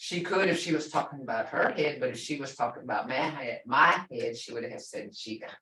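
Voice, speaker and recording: A woman's voice: very deep voice, a little fast, pushed and bright. Chatty woman teaching in an echoey room. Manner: chatty, explains with stories, repeats words for learners. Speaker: language instructor. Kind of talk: casual teaching in a class. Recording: echoey room, voice far from the mic.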